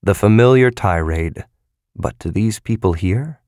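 A man reading a novel aloud as a narrator in a measured, even way. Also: on the low side, no echo, studio quality. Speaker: audiobook narrator. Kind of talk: scripted narration.

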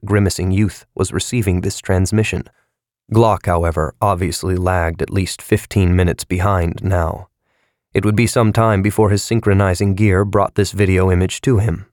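Male audiobook narrator, low register, dry studio read, measured and even. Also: no room sound. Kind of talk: scripted narration.

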